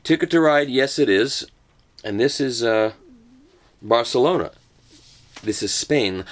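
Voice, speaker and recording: A man's voice: medium pitch, unhurried, long pauses. An older man hosting a casual unboxing, rambling through each item with self-mocking jokes and asides. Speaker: host reviewing a record box set.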